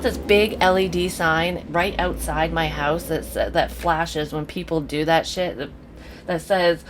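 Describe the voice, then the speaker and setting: Low-voiced blunt woman doing a tarot reading. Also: unhurried, background noise. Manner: blunt, swears freely, drifts into rants. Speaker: psychic tarot reader. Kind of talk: casual tarot reading to camera.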